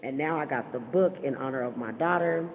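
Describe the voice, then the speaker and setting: This podcast host has a very deep voice and talks briskly, her words carrying a big-room sound with a little hiss or hum. Broadcasting live from her workplace, she chats casually and sincerely with viewers, leaning on fillers and speaking about faith.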